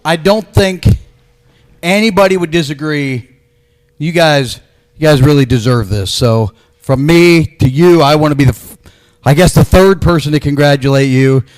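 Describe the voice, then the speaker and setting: A high-voiced man runs an in-ring wrestling interview. He talks in an excitable, hyped-up way and keeps pushing the guests to celebrate. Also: normal speed.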